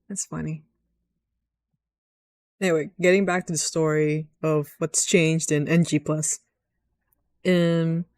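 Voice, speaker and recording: A woman's voice: sits low, no echo. A woman giving rambling, giggly gaming commentary as host, swearing freely.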